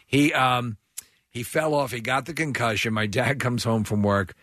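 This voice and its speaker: A man's voice: mid-range voice, moderate pace, no echo, studio quality. A man co-hosting a morning radio show, telling funny stories in casual banter. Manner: animated storyteller, jokey. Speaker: radio co-host.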